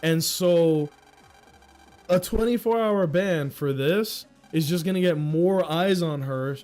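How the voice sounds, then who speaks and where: A young man from New York talks through a casual livestream rant, full of slang and animated asides. He speaks at an unhurried pace in a slightly high voice, with faint music playing behind him. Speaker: streamer.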